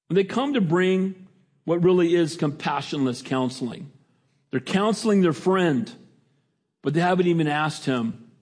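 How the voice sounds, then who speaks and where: Middle-aged man, pastor giving a sermon; somewhat high-pitched, chatty, emphatic then quietly reflective. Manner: conversational, swinging between raised emphatic lines and quiet, hushed reflection.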